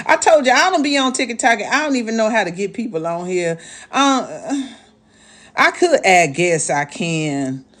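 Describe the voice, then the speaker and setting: Sassy mama-type woman chatting on a live stream, voice swoops all over, calls everybody baby. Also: mid-range voice. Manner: sassy, motherly, calls viewers "babies" and "y'all", scolds and teases; talks as an elder mama persona. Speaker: livestream host and astrologer. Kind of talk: casual live-stream chat to viewers.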